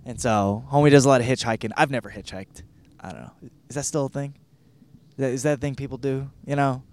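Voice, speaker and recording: A man's voice: medium pitch, steady tone, fast talker, a little mellow. Rambling, profane male podcast host. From Michigan. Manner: rambling, profane, self-deprecating. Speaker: podcast host reviewing a book. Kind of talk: casual profane monologue. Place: California.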